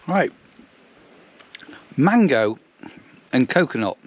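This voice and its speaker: A man's voice: mid-range voice, big pitch swings, slow pace, lo-fi sound. A man from England chatting casually to camera in a vlog, narrating what he eats at a campsite caravan. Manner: chatty, self-narrating while eating. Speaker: vlogger.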